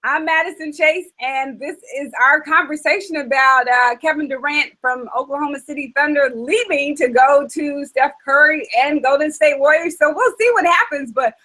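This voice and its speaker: Host: woman, high bright voice, opinionated, casual and emphatic. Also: normal speed, hardly any pauses, low-quality recording. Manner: emphatic, opinionated, lots of fillers. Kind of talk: casual chat show.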